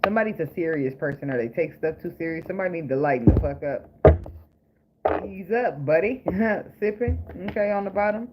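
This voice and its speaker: A man's voice: high-pitched, lively intonation, a little fast. A man giving a casual tarot reading, blunt, profane and joking, with frequent laughs. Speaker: tarot reader. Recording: noisy recording with clicks.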